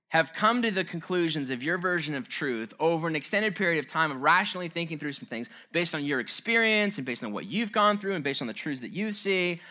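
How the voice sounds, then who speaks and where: A man's voice: on the high side, sharp tone. Earnest man giving a relationship talk. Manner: earnest, conversational, self-mocking asides. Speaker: speaker on relationships. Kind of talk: informal motivational talk.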